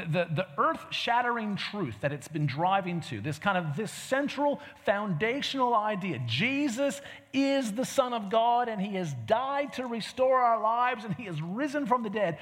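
A man delivers a sermon like he's telling a story to friends, asking question after question. His voice sits high and swings widely in pitch. A long reverb trails behind him as if he's in a big hall. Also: moderate pace. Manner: conversational, animated storytelling with rhetorical questions. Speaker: preacher.

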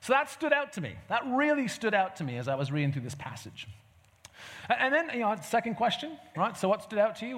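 A preacher delivers his sermon like a story told to friends, animated and conversational, firing off one rhetorical question after another. His high voice swings widely in pitch, and a long reverb trails behind him as though he's in a big hall.

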